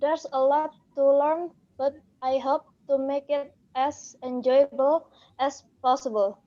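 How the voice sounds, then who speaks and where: High-voiced woman reading slowly. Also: fairly even intonation, warm tone. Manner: halting, careful reading. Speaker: student. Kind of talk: reading a paragraph aloud. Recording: dull lo-fi audio.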